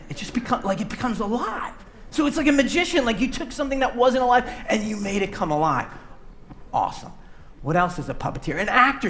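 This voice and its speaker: A man, a puppeteer, giving an animated, playful talk to a young audience on an auditorium stage. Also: very high-pitched. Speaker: puppeteer and speaker.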